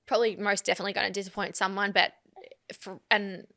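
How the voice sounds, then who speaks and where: A woman's voice: medium pitch, level tone, fast talker, gravelly, bright, forceful tone. A young woman, chatting candidly on a podcast, rambling and swearing freely. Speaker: podcast host. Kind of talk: casual chat.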